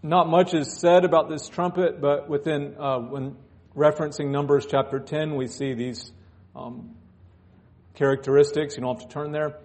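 A man's voice: fairly high pitch, steady tone, moderate pace, darkish tone. A male pastor preaching in church, reading scripture aloud and breaking off into joking asides. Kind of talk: sermon.

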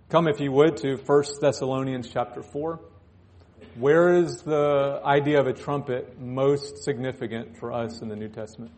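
A man's voice: medium pitch, steady tone, moderate pace, darkish tone. A male pastor preaching in church, reading scripture aloud and breaking off into joking asides. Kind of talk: sermon.

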